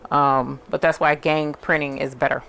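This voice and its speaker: Woman host, low, gravelly voice, rambling chatty work-vlog talk. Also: little pitch movement, normal speed, a bit bright. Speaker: channel host. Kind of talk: casual chat while working.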